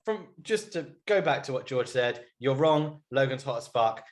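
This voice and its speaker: A man's voice: medium pitch, lively intonation, normal speed. A young man hosting a podcast, recapping a TV episode in casual banter with lots of ums. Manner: bantering, filler-heavy recap. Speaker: podcast host. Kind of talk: casual chat.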